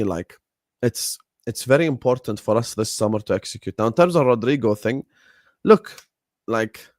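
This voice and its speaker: A young man hosting a football fan live stream, talking casually, animated and repetitive as he rants at his chat. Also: on the low side, dry recording, studio quality. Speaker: football fan show host.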